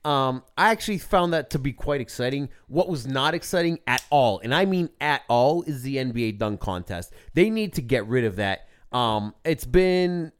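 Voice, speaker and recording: Animated ranting man, lively pitch. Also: normal speed, few pauses, clean tone. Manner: animated ranting, swearing, mock voices. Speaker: podcast co-host. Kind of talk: casual chat.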